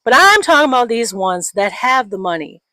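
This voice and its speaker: A woman's voice: fairly high pitch, big pitch swings, moderate pace, sharp tone, dry recording. Gen X woman, podcast co-host, profane mocking rant, dry close sound. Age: 40s or 50s. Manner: ranting, profane, mocks people with exaggerated voices. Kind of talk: casual political chat.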